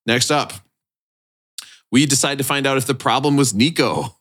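A man's voice: medium pitch, moderate pace, a bit bright. A man co-hosting a music podcast, joking and teasing in casual banter. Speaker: podcast co-host.

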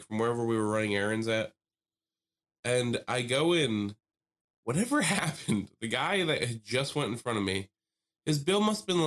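Animated young man telling stories. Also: mid-range voice. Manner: animated storyteller, swears freely, acts out quoted people. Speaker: podcast co-host. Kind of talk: casual chat.

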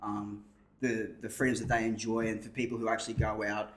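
A man's voice: on the low side, flat delivery, fairly quick. Reflective Australian man on a podcast. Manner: thoughtful, rambling, with restarts and swearing. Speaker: podcast co-host. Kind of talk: casual chat.

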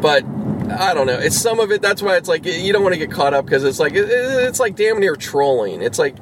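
A man with a slightly higher voice rants in a loose, profane, rambling way, starting over and trailing off mid-thought. Clear traffic and street noise sit behind him. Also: big pitch swings, brisk. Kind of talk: casual rant.

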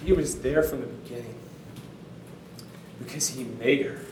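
Pastor, male, 30s, casual earnest sermon storyteller, mid-pitched, echoey room, off-mic with faint noise. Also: unhurried. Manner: conversational, casual fillers, earnest. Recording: roomy sound from a distant mic.

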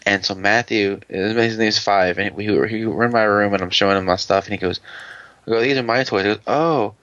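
Young male podcast co-host, low and rambling, swears freely; dry, slightly dull recording. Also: a little fast, fairly bright tone, no room sound. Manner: rambling, swears a lot, imitates people in high voices. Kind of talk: casual chat.

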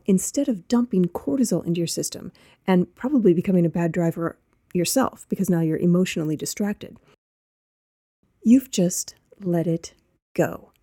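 A woman hosting a solo podcast as a coach, talking straight to the listener in an animated way. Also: fairly low pitch, no echo, studio quality. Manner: animated, speaks directly to the listener.

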